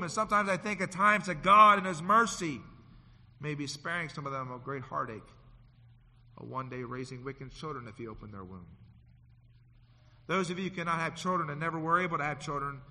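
A man's voice: on the high side, pushed and bright, in a large hall. A middle-aged male pastor preaching a sermon with passion, reading scripture aloud in old-fashioned wording. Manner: impassioned preaching with scripture reading in King James English. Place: church sanctuary.

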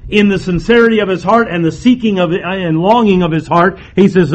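A man preaching a sermon, emphatic, moving between raised and hushed delivery. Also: high-pitched, a little fast.

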